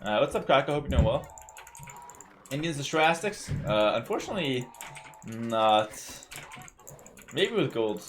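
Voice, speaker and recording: A young man from South Carolina streaming a game, talking casually with viewers in a relaxed, rambling way and often repeating words. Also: mid-range voice, normal speed, pauses often, slight background noise. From South Carolina, USA. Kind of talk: casual live-stream chat.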